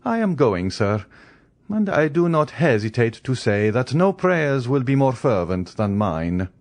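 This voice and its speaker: A man's voice: medium pitch, big pitch swings, measured pace, no echo, pitched above the performer's own voice. A man voicing a solemn older Italian priest with an Italian accent, grave and courteous.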